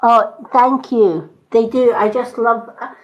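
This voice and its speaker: A woman with a higher voice speaks slowly as she casually hosts a makeup and skincare sales live stream. Rambling through stories, she drops in lots of fillers. The audio is roomy and somewhat dull.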